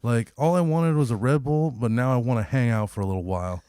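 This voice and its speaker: A man's voice: medium pitch, quick pace, clear, resonant tone, dry recording. A young man's mid-range voice spins a casual, profane story and slips into voices for the people in it. The sound is dry and close, with no room around it. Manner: profane, animated storyteller who acts out quotes. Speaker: podcast co-host.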